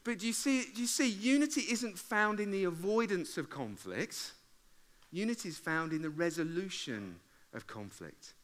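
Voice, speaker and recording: A man, preaching a sermon to a congregation in a humorous, conversational way and acting out arguments with loud outbursts. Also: a little high. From England. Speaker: pastor. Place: church service before a congregation.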